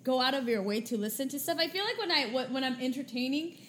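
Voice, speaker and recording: Female co-host, bashful and self-deprecating, somewhat high voice, light background hiss. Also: lively intonation, fast, fairly bright tone. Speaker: podcast co-host. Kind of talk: casual chat.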